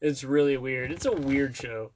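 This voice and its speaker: A woman with a notably low voice chats casually with her child. She is playful, keeps asking questions, and laughs easily mid-sentence. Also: normal speed, a little mellow, a little hiss or hum. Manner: playful, asks lots of questions. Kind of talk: casual chat.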